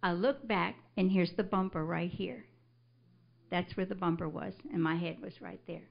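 A woman's voice: lowish voice, normal speed, creaky, muffled recording. Older woman testifying with fervor. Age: older, a grandmother. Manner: animated storyteller, bursts into loud scripture declarations. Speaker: church member giving a testimony. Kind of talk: spoken testimony to a congregation. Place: church service.

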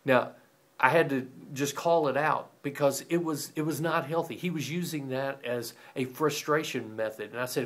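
A middle-aged man giving a devotional teaching as a pastor, telling stories in a lively way and acting out the voices of the people in them. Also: medium pitch, moderate pace. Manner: animated storytelling, acting out quoted voices.

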